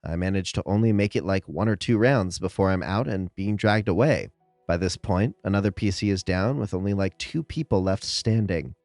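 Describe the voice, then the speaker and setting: A man hosting and reading out funny game stories as scripted narration, with lively comic timing and dramatic pauses. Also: low voice, no room sound, clean studio sound, soft background music. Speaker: host.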